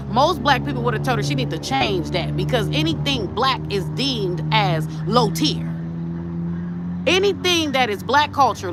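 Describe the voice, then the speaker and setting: Animated, high-voiced woman ranting bluntly. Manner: blunt, profane and animated, talking straight at the camera. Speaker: tarot reader and channel host. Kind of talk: casual ranting commentary. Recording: noisy, with traffic sounds outside.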